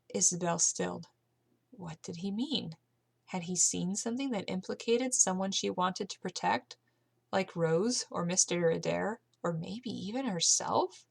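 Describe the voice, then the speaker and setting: Casting: a low-voiced woman narrating a novel, amateur audiobook reader, steady pace with small slips. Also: unhurried, vocal fry, husky. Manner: steady reading with occasional slips and self-corrections.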